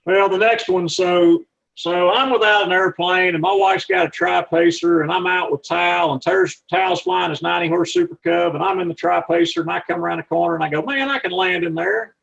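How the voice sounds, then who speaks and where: A man's voice: high voice, little pitch movement, a little fast, gravelly, a bit bright, highs cut off. A man, an aviator and aircraft mechanic, telling rambling, folksy stories about flying, with frequent restarts. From not from Texas. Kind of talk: anecdotal storytelling talk with slides.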